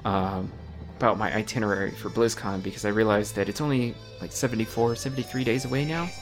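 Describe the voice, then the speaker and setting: A man's voice: lowish voice, steady tone, quick pace, soft background music. A man co-hosting a casual gaming podcast, chatty and jokey about himself. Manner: jokey, self-deprecating, chatty. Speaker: podcast co-host.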